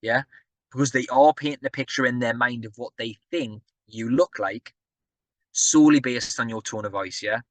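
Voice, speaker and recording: A man giving an energetic, conversational business talk, often turning to the audience with questions. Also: medium pitch, normal speed, no echo. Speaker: property business speaker.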